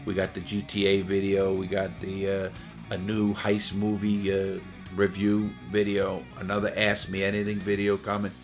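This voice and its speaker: A man's voice: low-pitched, completely flat delivery, moderate pace, music in the background. A man, a former prisoner, casually telling his own story to camera, rambling and repeating phrases for emphasis.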